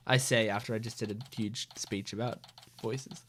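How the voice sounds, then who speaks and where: Chatty young man with a bright voice. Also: lowish voice, fairly even intonation, normal speed. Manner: chatty, rambling, many "like"s. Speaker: let's play host. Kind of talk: casual game commentary and reading dialogue aloud. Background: faint game music.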